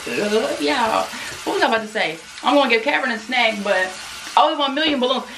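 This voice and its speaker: Young woman, casual phone vlog, jokey, clear background noise. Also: on the high side, animated, brisk, fairly bright tone. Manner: chatty, joking, addresses viewers as y'all. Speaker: vlogger. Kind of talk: casual vlog chat to camera. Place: home and car.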